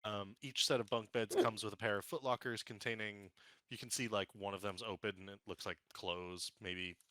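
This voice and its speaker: A man's voice: on the low side, steady tone, normal speed, sharp tone, no echo. A man running a tabletop game as dungeon master over an online call, describing scenes in a loose, chatty way with lots of fillers.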